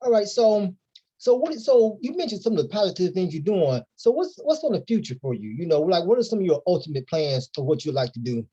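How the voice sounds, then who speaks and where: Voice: medium pitch, sing-song, brisk, warm tone, slightly rough, lo-fi sound. An interviewer asking casual questions and murmuring short affirmations.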